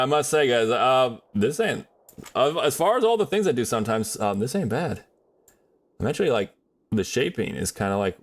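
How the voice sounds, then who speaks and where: A man chatting casually on a livestream while drawing, rambling in a friendly way with many fillers and restarts. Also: fairly low pitch.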